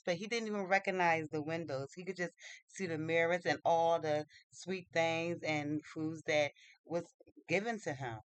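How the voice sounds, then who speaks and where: A storyteller retelling a fairy tale casually, halting, with many fillers, restarts and loose informal grammar. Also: medium pitch, steady tone, a bit bright, dry recording, rough recording.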